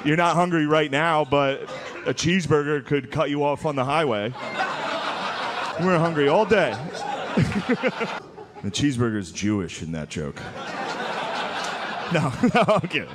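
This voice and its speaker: Crude, casual stand-up comedian. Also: male voice, fairly high pitch, a little slow, long pauses, very noisy. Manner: crude, deadpan-casual, lots of "dude".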